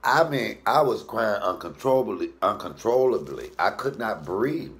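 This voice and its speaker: A man who hosts a comedy cooking show, telling a story in a loose, animated way. He swears freely and jumps up into a high falsetto when he quotes people. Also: moderate pace.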